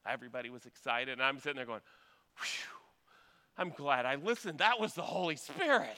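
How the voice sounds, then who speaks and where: A man's voice: a little high, lively intonation, fairly quick, pushed and bright, in a large hall. A man preaching a sermon in a church, telling a story earnestly and urging his listeners on. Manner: earnest storytelling, rising to urgent exhortation.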